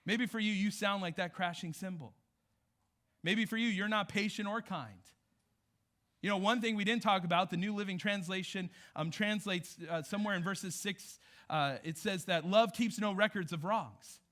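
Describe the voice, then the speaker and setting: Bright-voiced man preaching casually. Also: high-pitched, moderate pace. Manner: conversational preaching, retells scripture in casual dialogue. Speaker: pastor. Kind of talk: sermon. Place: church.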